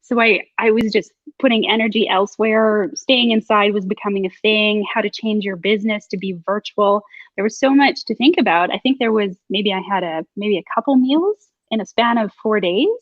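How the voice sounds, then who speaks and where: A woman's voice: medium pitch, moderate pace, no echo. A woman in casual conversation as a podcast host, chatty and reflective, laughing often. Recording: dull lo-fi sound.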